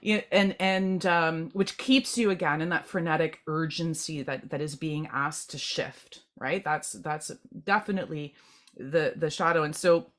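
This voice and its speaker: A woman giving a channeled group tarot reading, gentle and meandering, often restarting and repeating words as she speaks. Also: low-pitched, measured pace. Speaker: tarot reader.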